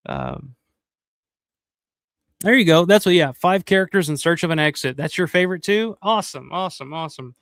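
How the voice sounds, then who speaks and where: A man's voice: on the high side, very animated, moderate pace, long pauses, a bit bright, dry recording, clean studio sound. A middle-aged man hosting a live stream, chatting loosely and profanely while thanking viewers by name. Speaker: livestream host. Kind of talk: casual live-stream chat.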